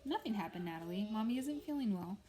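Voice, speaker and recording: A woman voicing a worried, gentle father who speaks softly and soothingly, in a storybook reading. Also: medium pitch, lively intonation, fast talker, lightly acted. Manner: soft, soothing.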